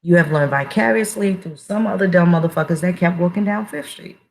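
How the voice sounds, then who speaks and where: A woman's voice: on the low side, fairly quick, gravelly, a little mellow, poor audio. A woman giving a blunt, profane casual monologue as an online commentator, emphatic and full of restarts.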